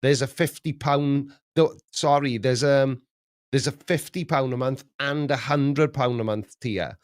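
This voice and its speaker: A man's voice: mid-range voice, steady tone, a little slow, no room sound, studio quality. A middle-aged man hosting a casual live chat, joking, laughing often and reading out viewer messages. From Wales. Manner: jokey, laughs often, reads chat aloud. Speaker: livestream host.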